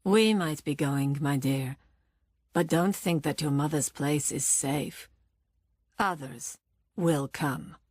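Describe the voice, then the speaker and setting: A woman narrator voicing a tiny, menacing older woman who has taken over a flat, blunt and sneering, dropping low and slow when threatening. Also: no echo, studio quality.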